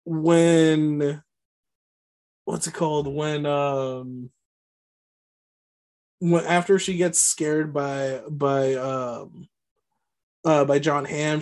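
Chatting casually about a film, this male podcast co-host seems slightly high and keeps rambling, stumbling over fillers and starting sentences over.

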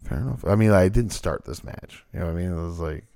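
Male co-host, low and gravelly; loose, rambling, profane chat. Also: fast, warm tone, dry recording, clean studio sound. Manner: rambling, loose, swears freely. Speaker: podcast co-host. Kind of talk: casual chat.

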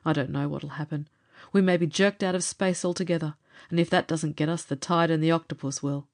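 A composed young male pilot and inventor, as a woman reads him aloud. He speaks in a lowered, even, matter-of-fact manner, calmly explaining. A storybook reading. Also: brisk. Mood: grim.

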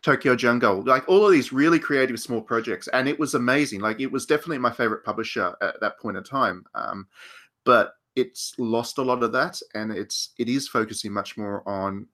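A man's voice: mid-range voice, a little fast, fairly bright tone. A man co-hosting a casual podcast panel discussion, talking in a thoughtful, rambling way with frequent restarts.

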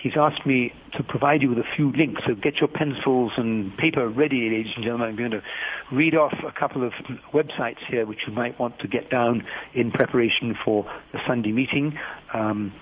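A man hosting a radio call-in show, reading out announcements slowly and haltingly, spelling things out letter by letter. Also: mid-range voice, husky. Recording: phone-like radio broadcast.

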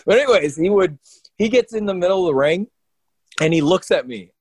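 A man, a pro wrestler and co-host, telling stories in an animated, rambling way with lots of restarts. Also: sits high, brisk, slightly rough, dry recording. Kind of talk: casual storytelling on a podcast.

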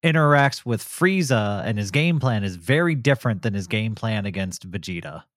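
A man co-hosting a podcast, reviewing episodes in casual chat, enthusiastic and quick to laugh. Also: on the low side, lively intonation, fairly bright tone, dry recording, clean studio sound. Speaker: podcast co-host.

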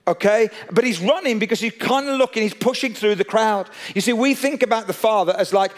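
A man preaching a sermon, telling a story with animated energy and speaking straight to his listeners. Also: sits high, brisk. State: out of breath.

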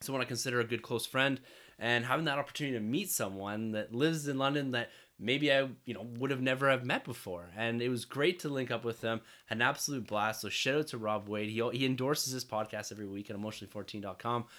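A man's voice: medium pitch, quick pace, a bit bright. A man co-hosting a podcast, chatting casually and with enthusiasm about a trip. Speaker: podcast co-host. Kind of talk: casual chat.

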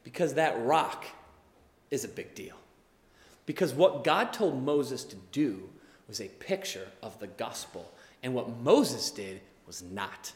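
A male pastor preaching a sermon in an animated way, acting out the people he talks about. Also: mid-range voice, slow pace. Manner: animated, acts out quoted voices. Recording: echoey hall with long reverb.

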